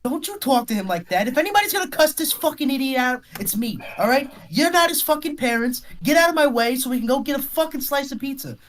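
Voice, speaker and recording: Guy doing a fiery new york gal yelling and cussing, high and fast. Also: lively intonation. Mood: furious. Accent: put-on New York accent, drifting toward Jersey. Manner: loud, fast, cussing and scolding. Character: brash foul-mouthed young woman, fiery and bossy.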